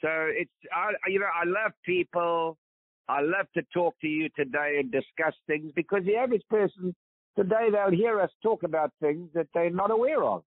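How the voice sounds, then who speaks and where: A man's voice: high-pitched, moderate pace, dry recording. Emphatic older South African man on a phone line. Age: 80s. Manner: emphatic, preaching. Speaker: guest, veteran golfer. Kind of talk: phone interview. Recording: tinny phone line, dry.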